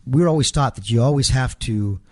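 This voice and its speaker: A man being interviewed, recounting events in a halting way, repeating his words as he relives each moment. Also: medium pitch, darkish tone. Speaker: guest, wrestler. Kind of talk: casual storytelling interview.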